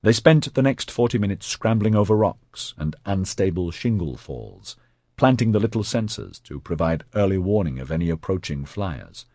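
A man narrating an audiobook in an expressive, scripted reading. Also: low-pitched, normal speed, no room sound, studio quality.

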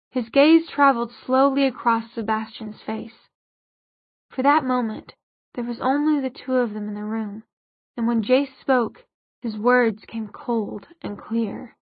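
Female audiobook narrator, slightly high and husky, close dry mic, dull lo-fi audio. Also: fairly even intonation, measured pace, no echo.

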